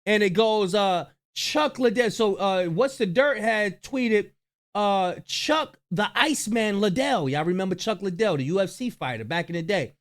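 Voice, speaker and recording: Animated high-voiced New man. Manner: animated, trash-talking, slangy. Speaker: reaction channel host. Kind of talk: casual reaction commentary.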